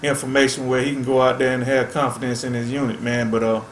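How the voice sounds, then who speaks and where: A man's voice: medium pitch, flat delivery, quick pace, reverberant, slight background noise. A man hosting a fishing channel, chatting casually to viewers in a laid-back way and tacking "man" onto nearly every phrase.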